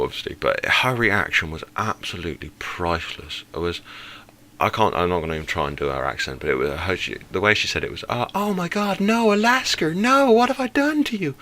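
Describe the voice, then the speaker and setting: Young man, low bright voice, casual rambling storytelling, lots of ums. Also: a little hiss or hum. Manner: rambling, many fillers and self-corrections. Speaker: gaming channel host. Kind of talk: casual storytelling over gameplay.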